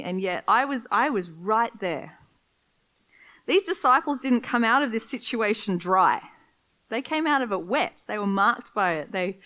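A woman's voice: a little high, a bit bright, poor audio. A woman preaching a sermon, reading scripture and telling personal stories in a candid, conversational way.

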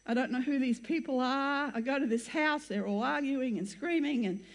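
An older woman speaks with a slightly high voice as she shares a personal testimony with a gathering. She rambles and keeps interrupting herself with chatty asides and laughs. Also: normal speed. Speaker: church speaker sharing her testimony. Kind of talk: chatty personal storytelling to an audience.

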